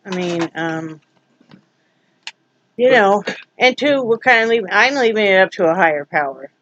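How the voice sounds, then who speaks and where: A woman's voice: medium pitch, lively intonation, normal speed, a bit bright, no room sound, dull audio. A woman vlogging from home in a casual, rambling way, joking and full of fillers. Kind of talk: casual vlog chat.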